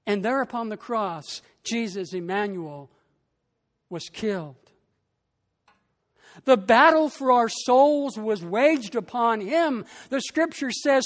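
A pastor preaching a sermon with a slow, deliberate delivery, rising in emphasis on key phrases. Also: medium pitch, expressive, in a large hall.

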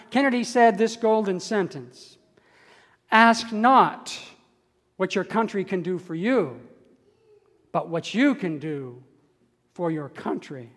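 An older male pastor delivers a sermon at an unhurried pace, leaning on key words with deliberate emphasis. His voice rings out through a church sanctuary with a long, lingering reverb. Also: high voice. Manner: measured preaching with slow emphatic stresses.

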